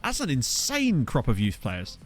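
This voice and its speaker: A young man chats casually as he streams a game, cracking jokes and riffing on the names in his chat. His pitch bounces around a lot, and faint music plays underneath. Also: huge pitch swings, a little slow. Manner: jokey, riffing on viewers' names. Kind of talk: casual gameplay commentary reading chat.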